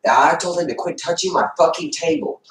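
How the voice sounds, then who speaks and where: A man on a livestream telling a long, profane story fast and acting out what people said. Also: fairly high pitch. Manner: fast, profane storytelling, acts out quotes loudly. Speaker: livestream host. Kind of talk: casual chat. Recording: echoey room, far from the mic.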